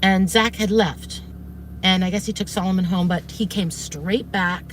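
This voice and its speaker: A woman streamer with a fairly low, steady voice speaks at a moderate pace over slight background noise. She tells her viewers a long, rambling story about events, filled with fillers and restarts, and swears when things get heated.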